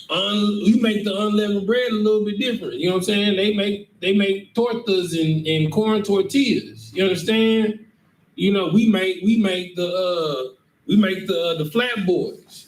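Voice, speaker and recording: A high-pitched man keeps a measured pace while emphatically leading a scripture lesson, often pausing to check that his listeners get it. The sound is from a distant mic in an echoey room, with faint noise.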